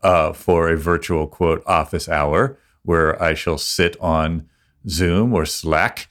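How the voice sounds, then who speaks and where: Guy with a really low voice rambling on a podcast, trips over his words a lot, jokey. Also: steady tone, slow, fairly bright tone. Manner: rambling, self-interrupting, playful. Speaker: podcast co-host, music business lawyer. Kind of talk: casual podcast chat.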